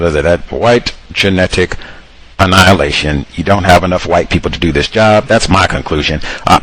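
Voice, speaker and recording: A man hosting a casual commentary monologue, calling his listeners cousins and acting out the people he quotes in higher voices. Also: fairly bright tone, breathy edge, dry recording, poor audio. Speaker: host.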